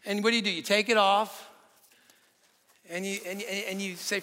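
A man's voice: sits high, brisk, long reverb tail. A man preaching a sermon, telling vivid stories and asking the crowd rhetorical questions. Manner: animated storytelling with rhetorical questions.

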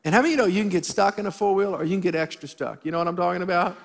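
A middle-aged male pastor preaching in a church sanctuary, full of humor and animated storytelling. His voice sits high for a man, and it rings with a long reverb through the hall. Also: racing, vocal fry. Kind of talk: sermon with storytelling.

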